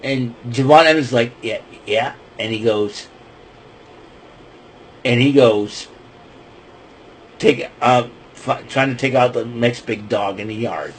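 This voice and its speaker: A man's voice: medium pitch, takes it slowly, long pauses, poor audio. A man hosting a podcast, casually retelling wrestling events in a loose, rambling way with lots of fillers and restarts. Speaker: podcast host.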